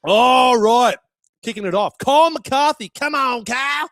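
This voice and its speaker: A man's voice: very high-pitched, a little slow, over music. A young Australian man hosting a sports podcast in a brash, chatty way, swearing freely. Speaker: podcast host. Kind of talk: casual podcast commentary.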